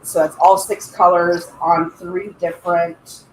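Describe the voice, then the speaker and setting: A woman's voice: on the low side, level tone, unhurried. A woman co-hosts a casual craft livestream, greeting viewers in a playful, sing-song way. Her voice carries a roomy echo, with faint noise underneath. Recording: echoey room with faint noise.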